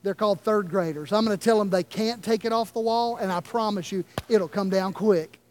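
High-voiced man preaching a sermon. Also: darkish tone. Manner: impassioned preaching with dramatic slow pauses. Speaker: pastor. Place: church sanctuary.

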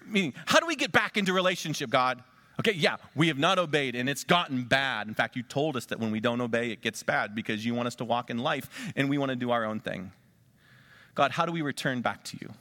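Middle-aged male pastor, bright and sharp tone, conversational sermon delivery heavy on rhetorical questions. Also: medium pitch, animated, fairly quick. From Western Pennsylvania.

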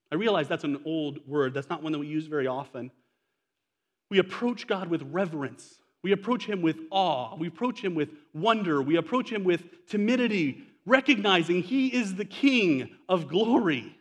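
A male pastor in his forties with a high voice delivers a sermon in a conversational way, tossing rhetorical questions and casual asides to his congregation. His voice rings out with a long hall reverb around it. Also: animated, normal speed.

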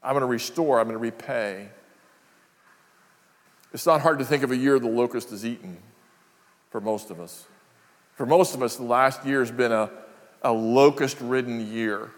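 An older man preaching a sermon, earnest and reflective, often repeating his phrases. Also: mid-range voice. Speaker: pastor. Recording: long hall reverb.

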